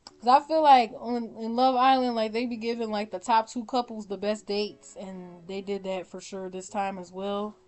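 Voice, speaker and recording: A young woman vlogger giving casual, opinionated commentary, animated and blunt, often laughing and swearing. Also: mid-range voice, normal speed, soft background music. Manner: animated, swears, laughs often, mimics her own reactions. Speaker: vlogger ranking reality show contestants.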